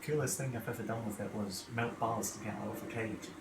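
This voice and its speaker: A player in a tabletop game, easygoing and quick to laugh. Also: mid-range voice, fairly even intonation, noisy background. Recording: roomy, music behind.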